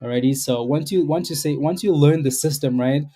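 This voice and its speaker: Male trading stream host, slightly high, mellow voice, rambling casual commentary. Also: a little fast. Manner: rambling, keeps asking "right?", repeats himself. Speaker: stock trading livestream host. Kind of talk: casual live market commentary.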